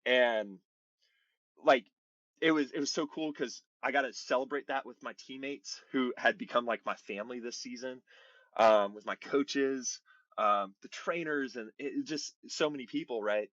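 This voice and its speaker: A man in his thirties, a baseball pitcher telling his story as a podcast guest in an earnest, rambling way, full of "like" and "you know". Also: normal speed, a bit bright, dry recording, dull audio. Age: 30s. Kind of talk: casual interview storytelling.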